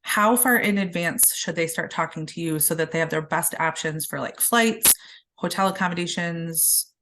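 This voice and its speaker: A woman's voice: fairly low pitch, normal speed. Hesitant woman interviewer, faint hiss. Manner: hesitant, asks rambling questions with fillers. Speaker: interviewer, host. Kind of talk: casual interview questions.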